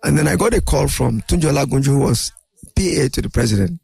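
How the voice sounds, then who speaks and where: Gravelly older man telling stories. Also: on the high side, fast talker, no room sound. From Nigeria. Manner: animated anecdotal, acts out quoted voices. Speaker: guest. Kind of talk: storytelling interview.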